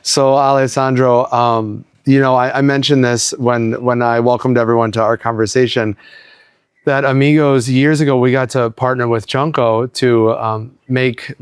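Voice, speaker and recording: A man's voice: medium pitch, smooth, no echo, studio quality. A man interviewing a guest in a casual conversation, encouraging him with short affirmations.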